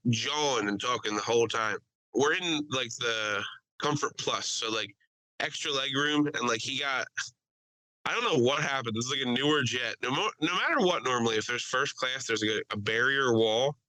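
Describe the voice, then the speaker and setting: A man hosting a podcast, telling a story in casual, crude and animated chat. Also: mid-range voice, normal speed, no echo, low-quality recording. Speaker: podcast host.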